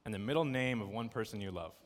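A man's voice: on the low side, quick pace. Guy in his 30s preaching casual and jokey, church hall reverb all over it. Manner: conversational, jokey, animated storytelling. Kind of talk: casual sermon to a congregation. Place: church sanctuary.

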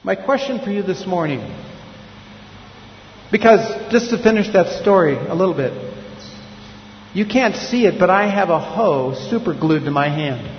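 High-voiced male pastor in reverberant hall. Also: slight background noise. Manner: reflective, confessional, rhetorical questions. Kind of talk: sermon. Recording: dull lo-fi sound with long hall reverb.

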